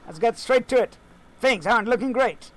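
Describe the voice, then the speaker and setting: A man voicing a blunt, no-nonsense chief on the radio in a game, loud and matter-of-fact. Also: very high voice, expressive, normal speed, a little hiss or hum, pitched above the performer's own voice, rough recording. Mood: brisk.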